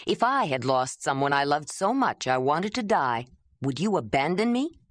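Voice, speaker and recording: A woman's voice: sits low, very animated, normal speed. A woman voicing a grieving young wanderer, speaking with raw, defiant emotion in an audiobook. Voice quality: pleading, emotional. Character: proud young man, grieving, restless wanderer.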